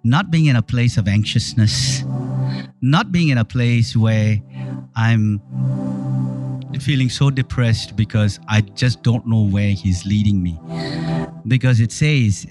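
Emphatic preaching man over soft music. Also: mid-range voice. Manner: emphatic, rising to stress lists and appeals; repeats words and restarts phrases while preaching. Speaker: pastor. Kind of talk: sermon.

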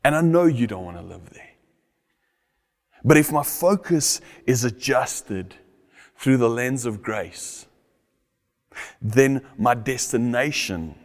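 Middle-aged man, pastor, sermon, deep, earnest emphatic repetition. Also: in a large hall.

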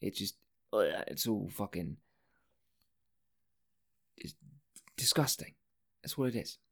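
A man's voice: on the low side, lively intonation, takes it slowly, fairly bright tone. A man hosting a casual solo podcast, rambling from one thing to the next, swearing often and breaking off his own sentences. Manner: rambling, profane, self-interrupting. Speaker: podcast host.

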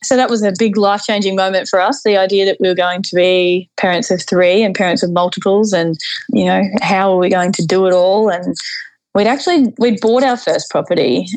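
A woman, telling a story in a relaxed, rambling way. Her voice sits at an ordinary middle pitch, and she fills her sentences with little asides and restarts. The recording is dry and close. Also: a little fast, dry recording, poor audio. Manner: chatty, rambling, many fillers and restarts. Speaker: interview guest. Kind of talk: casual storytelling.

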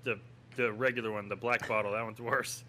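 A man's voice: on the low side, fairly even intonation, fairly quick, pushed and bright, slight background noise. A man in a casual beer tasting chat, blunt and laughing as he complains.

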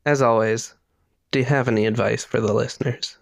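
A man's voice: mid-range voice, fairly even intonation, brisk, gravelly, dry recording, studio quality. A man hosting a podcast in a casual chat, asking his co-host questions and laughing often. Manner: laughs often, lots of short backchannels.

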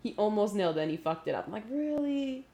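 Woman, podcast co-host, casual chat, animated, swears freely. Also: on the low side, very fast, vocal fry. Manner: swearing, animated, laughs often.

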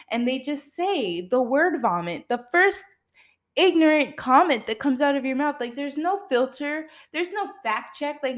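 A young woman telling a story in a blunt, sassy and exasperated way, laughing between lines. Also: on the high side. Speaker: vlogger. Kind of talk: casual storytelling rant.

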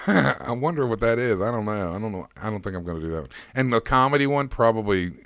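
Low-voiced man reading a word game aloud. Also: animated, quick pace, a bit bright, dry recording, clean studio sound. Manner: laughs at his own readings. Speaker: podcast co-host.

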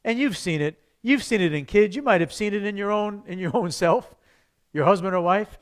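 Animated pastor teaching a class. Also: male voice, sits high, normal speed. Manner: conversational, animated, acts out quoted voices. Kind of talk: teaching a church evangelism class.

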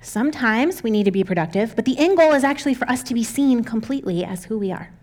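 A woman's voice: on the high side, expressive, fast talker, a little mellow. A young adult woman pastor giving a conversational sermon, candid and self-deprecating, often laughing as she talks.

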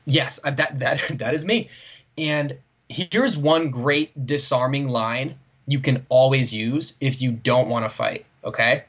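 Male co-host, husky voice, rambling anecdote style with many fillers, lo-fi dull recording. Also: medium pitch, measured pace, fairly bright tone. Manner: rambling, heavy use of "like" and "right?". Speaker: podcast co-host. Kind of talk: casual storytelling chat. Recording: dull lo-fi sound.

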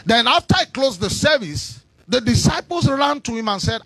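A man preaching a sermon, shouting in a sing-song cadence and calling on the congregation to respond. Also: very high voice, sing-song, moderate pace, hardly any pauses, no room sound.

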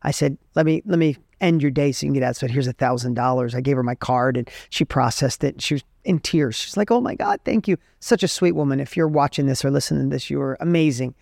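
A man's voice: medium pitch, fast, vocal fry, hardly any pauses, a little mellow, dry recording. Earnest middle-aged man, dry close sound. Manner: earnest, storytelling, emphatic. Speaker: podcast host. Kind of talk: motivational monologue.

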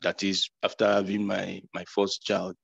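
Guy, low voice, kinda halting and earnest, muffled call audio. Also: completely flat delivery, vocal fry, fairly bright tone, husky, no room sound. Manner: halting, repeats words, earnest. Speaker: participant. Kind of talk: casual faith sharing. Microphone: video call.

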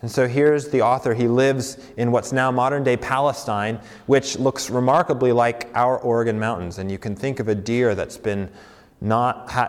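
A young adult man preaching a conversational sermon as a campus pastor, with frequent fillers and self-corrections. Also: mid-range voice. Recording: long hall reverb.

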